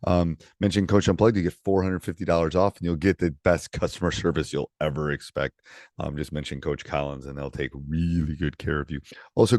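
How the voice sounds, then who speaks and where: A middle-aged man hosting a coaching podcast, talking in a relaxed, rambling way with lots of ums and restarts. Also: low-pitched, dry recording, studio quality. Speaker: podcast host and basketball coach. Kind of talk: casual podcast chat with ad reads.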